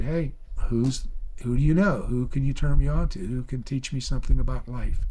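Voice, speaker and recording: A man telling a personal story about finding a mentor, animated and emphatic, rising in intensity when making his points. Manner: animated storyteller, rises high when preaching. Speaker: speaker on mentorship. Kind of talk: storytelling talk.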